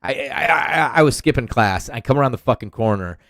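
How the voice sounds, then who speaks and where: A man's voice: medium pitch, animated, fairly quick, creaky, fairly bright tone, dry recording. A man in his thirties hosting a podcast, ranting in a profane, rambling, heated way. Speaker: podcast host. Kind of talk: solo rant podcast.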